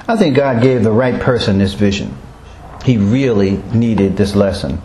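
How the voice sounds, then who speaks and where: A man's voice: fairly low pitch, expressive, moderate pace, mellow. A man leading a Bible study, asking the group questions and chuckling often as he explains. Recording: roomy echo, faint background noise.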